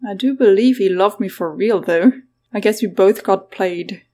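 A woman's voice: medium pitch, normal speed, dark tone, close to an everyday voice. A woman reading the part of a blunt young woman who talks plainly and swears mildly. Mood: rueful.

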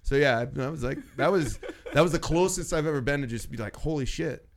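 A man's voice: fairly high pitch, fast talker. A man telling rowdy stories from working at a comedy club in casual chat, cursing freely and acting out the people in them. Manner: animated, profane, acts out voices in his stories.

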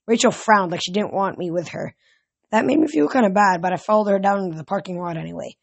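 A man's voice: sits high, quick pace, creaky, dry recording. Male reader narrating a fan audiobook. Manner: steady with occasional slips and restarts.

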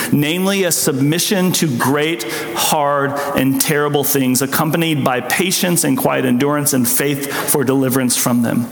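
A man preaching a sermon, telling his own story with earnest, emotional intensity. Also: medium pitch. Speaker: pastor. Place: church sanctuary. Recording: echoey hall with long reverb.

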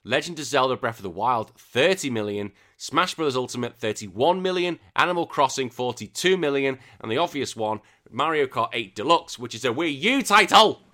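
A young man hosting a casual gaming news podcast, excitable and swearing freely, often trailing off into quiet asides. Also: medium pitch, normal speed, few pauses. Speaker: podcast host.

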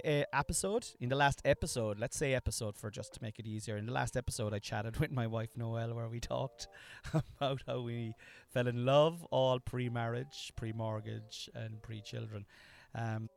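A man's voice: mid-range voice, moderate pace, vocal fry. A man in his thirties with an Irish accent, hosting a casual podcast, self-mocking and restarting his lines often. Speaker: podcast host. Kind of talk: casual chat, joking. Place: kitchen, then parked car.

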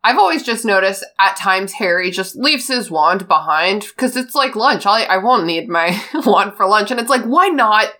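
A young adult woman co-hosting a podcast, chatting casually, laughing often and breaking into quick animated retellings. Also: mid-range voice. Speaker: podcast co-host. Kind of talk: casual chat.

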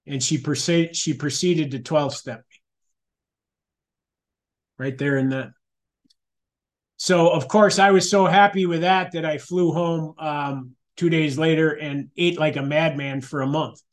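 A man's voice: a little high, steady tone, unhurried, long pauses. A middle-aged man sharing his personal recovery story at a support meeting, candid and conversational, with frequent restarts and asides.

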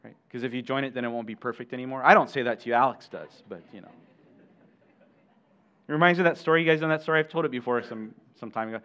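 A man's voice: mid-range voice, quick pace, pushed and bright, clean tone, dull audio. A man preaching a sermon as pastor, talking conversationally with asides to the congregation and frequent restarts.

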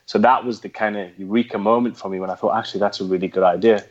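Geordie man, low voice, lo-fi sound. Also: steady tone, fast talker. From North East England. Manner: reflective, many fillers and restarts. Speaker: guest, former special forces veteran. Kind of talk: conversational interview.

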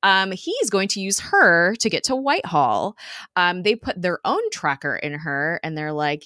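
A young woman co-hosting a casual podcast, recapping a TV episode in a chatty, animated way with frequent fillers. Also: on the low side, moderate pace, no room sound, clean studio sound. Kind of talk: casual chat.

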